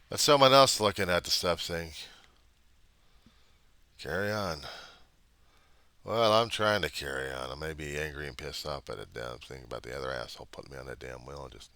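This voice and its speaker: A man's voice: rumbling low, pushed and bright, no echo. A man venting in a personal diary monologue, angry, rambling and profane. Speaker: diarist.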